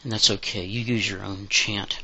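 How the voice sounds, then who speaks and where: A man giving a slow, deliberate solo monologue for his own audio show, in halting phrases that slip into breathy whispers. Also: on the low side, steady tone, bright, forceful tone. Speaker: audio podcaster.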